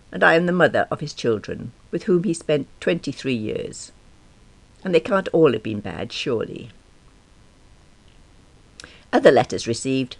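A woman of about fifty reads a first-person diary-style story in a wry, self-deprecating and expressive way. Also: extremely low pitch. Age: around 50. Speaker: narrator.

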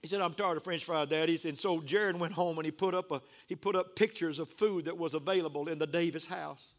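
Older preacher with a high voice. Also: male voice, fairly quick. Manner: emotional, building to excited shouts. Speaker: pastor. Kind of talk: sermon.

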